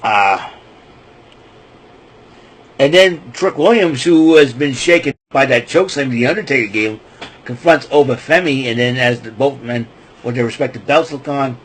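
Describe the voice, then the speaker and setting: A man's voice: mid-range voice, normal speed, breathy edge, low-quality recording. A man hosting a podcast, casually retelling wrestling events in a loose, rambling way with lots of fillers and restarts. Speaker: podcast host.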